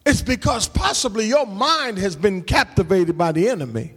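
A man preaching a sermon as pastor, calling out to the congregation and rising into shouts and half-sung lines. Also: sits high, expressive, normal speed, husky, in a large hall. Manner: call-and-response preaching, shouting and half-singing. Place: church sanctuary.

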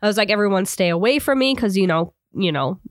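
A young woman with a stuffy nose from a cold, co-hosting a casual podcast chat, chatty and quick to laugh. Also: medium pitch, animated, dry recording, studio quality. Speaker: podcast co-host.

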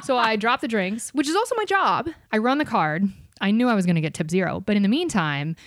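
A woman hosts a podcast and tells a story in easy, casual chat, her pitch leaping up and down as she acts out the people in it. She swears freely. The sound is dry and close. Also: fast talker, dry recording. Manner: animated, swears freely, acts out other voices. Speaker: podcast host.

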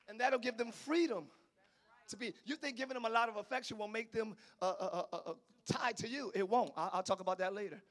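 Male preacher; bright, sharp tone, animated delivery with sudden shouts. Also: sits high, fairly quick. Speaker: pastor. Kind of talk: sermon.

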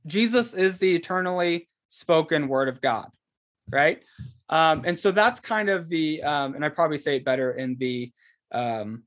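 A man's voice: medium pitch, fairly bright tone. A man, a guest author, explaining a theological argument in casual conversation, hesitant with many fillers and restarts.

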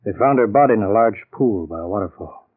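An actor playing a calm, shrewd captain who questions patiently, in 1940s radio acting. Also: male voice, lowish voice, fast, husky. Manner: calm, probing. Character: calm, shrewd middle-aged police captain. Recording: tinny old radio recording.

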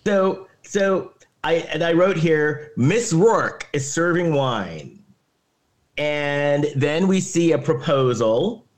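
A man's voice: fairly high pitch, animated, slow. A man co-hosting a podcast, chatting casually, teasing his co-hosts and steering the talk back on track. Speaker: podcast co-host. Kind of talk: casual chat.

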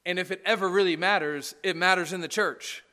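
A man's voice: high voice, steady tone, fairly quick, bright, forceful tone, in a large hall. A man preaching a sermon as pastor, talking conversationally and tossing in frequent "right?" asides. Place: church.

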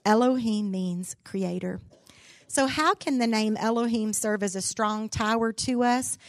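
A middle-aged woman with a voice on the high side speaks unhurriedly, with no echo, at a church gathering. Giving a sermon, she tells a personal story and asks the room direct questions.

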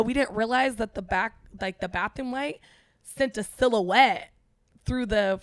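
A woman with a slightly high voice tells a story in loose, profane chat, animated and quick to act out everyone involved. The sound is dry and close, with no room around it. She talks like a podcast host holding the floor. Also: no echo. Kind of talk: casual storytelling.

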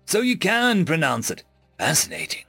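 A hot-tempered human ambassador, played by a male narrator, biting and sarcastic, his pitch swinging up as he digs in. The read is dry and close, with faint music under it. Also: very animated, normal speed, gravelly, pushed and bright, husky, dry recording, full character voice. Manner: cutting, sarcastic. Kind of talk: audiobook character voice.

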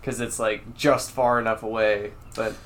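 A man co-hosting a casual chat. He is animated, swears freely and acts out quotes in exaggerated voices. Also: on the low side, normal speed.

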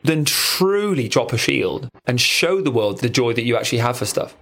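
A man co-hosting a casual podcast from a studio, his voice sitting at an ordinary mid pitch. He tells stories in an animated, playful way, happy to get crude, and slips into coaching talk. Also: normal speed. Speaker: podcast co-host and relationship coach. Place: recording studio.

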